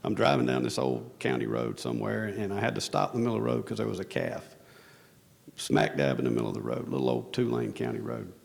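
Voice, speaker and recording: Man, gravelly low voice, rambling self-deprecating storyteller, big-hall echo. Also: very animated, fast talker, darkish tone. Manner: rambling, self-deprecating, lots of restarts and "you know". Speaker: conference speaker, operations executive. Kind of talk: casual storytelling on stage. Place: conference hall stage under bright lights. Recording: echoey conference hall.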